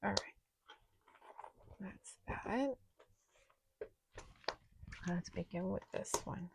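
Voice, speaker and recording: A woman's voice: mid-range voice, very slow, gravelly, background noise. A woman vlogger chatting casually while counting cash into budget envelopes aloud, sometimes dropping to a near-whisper.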